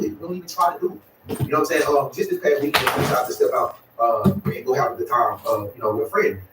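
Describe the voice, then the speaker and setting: A man's voice: on the high side, echoey room, distant mic, noisy background. A man, talking casually to his viewers in a rambling way, full of "y'all" and "you know what I'm saying.". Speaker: vlogger.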